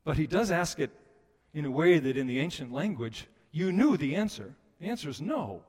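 A man preaching a sermon, moving between hushed passages and loud, emphatic ones. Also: a little high, very animated, normal speed. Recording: long reverb of a large hall.

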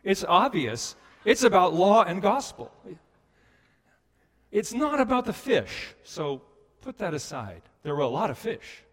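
Man, pastor, sermon, animated storyteller, lively pitch, long hall reverb. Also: measured pace. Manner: animated storytelling, acts out quoted voices.

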